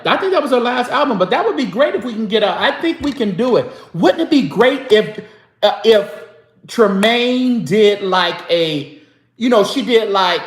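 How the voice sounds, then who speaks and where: High-voiced man chatting and singing. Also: reverberant. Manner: chatty, breaks into snatches of singing. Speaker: show host. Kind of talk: casual live-stream chat about gospel music.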